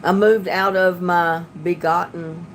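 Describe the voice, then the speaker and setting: A woman's voice: fairly low pitch, flat delivery, slow pace. Older lady chatting on her home livestream, easygoing and homey, faint hum behind. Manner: chatty, homey, talks about fixing things herself. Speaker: livestream host. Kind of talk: casual chat reading viewer comments.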